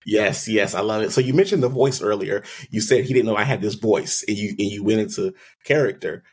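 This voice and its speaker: A man's voice: lowish voice, fairly quick, a little mellow, husky. A man hosting a podcast, easygoing and asking long, rambling questions. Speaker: podcast host. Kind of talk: casual interview chat.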